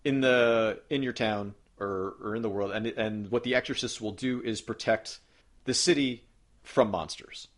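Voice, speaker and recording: A man's voice: fairly low pitch, unhurried, fairly bright tone. A man in casual podcast chat, rambling enthusiastically as he retells a video game and swears casually.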